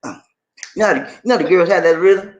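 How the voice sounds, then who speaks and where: Hosting a casual livestream, a man greets viewers and reads their comments aloud, animated, emphatic and chatty, often repeating phrases. He has a high-pitched voice and talks fast, and the highs are cut off.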